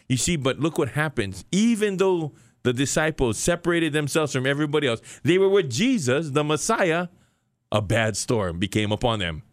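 A man's voice: on the high side, sing-song, moderate pace, no echo, studio quality. A man with a Hawaiian Pidgin accent preaching a folksy sermon, building to emphatic questions.

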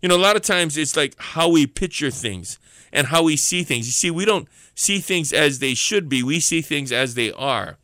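A man preaching an informal devotional sermon, earnest and repeating key lines slowly for emphasis. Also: a little high, lively intonation, bright, forceful tone, dry recording, clean studio sound.

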